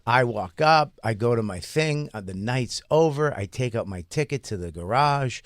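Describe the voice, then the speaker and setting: A man's voice: medium pitch, animated, normal speed, no room sound, studio quality. A man, a comedian co-hosting a podcast, telling a long profane story in a rambling casual way.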